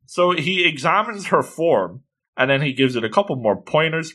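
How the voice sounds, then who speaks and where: A man's voice: a little high, moderate pace, pushed and bright. A man casually retelling a comic chapter with enthusiasm, often exclaiming in delight. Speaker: manga reviewer.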